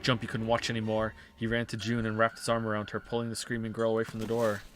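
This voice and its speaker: A man's voice: on the low side, completely flat delivery, fast, faint music behind. A male streamer reading a visual novel's text aloud and breaking off into wry, sarcastic asides.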